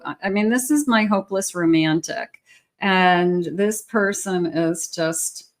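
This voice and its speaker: A woman with a fairly low voice gives a relaxed tarot reading straight to her viewers. She talks in a loose, chatty way, restarts her phrases and breaks into light laughs now and then. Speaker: tarot reader.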